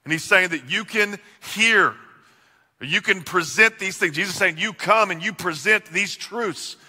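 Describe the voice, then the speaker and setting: A man's voice: high-pitched, a little slow, pushed and bright. Male pastor, sermon delivery, earnest with big volume swings; long reverb of a large hall. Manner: earnest preaching with swells and drops in volume.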